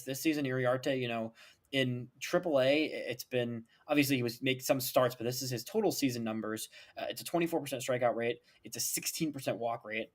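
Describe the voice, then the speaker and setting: A young man co-hosting a casual sports podcast, emphatic and animated, leaning on "like" and "right?". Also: mid-range voice. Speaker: podcast co-host.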